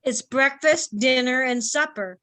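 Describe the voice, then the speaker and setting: A woman joins a church study group discussion and explains things plainly and directly. Her voice is somewhat high, and the recording is dry and close. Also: measured pace, pushed and bright, no echo.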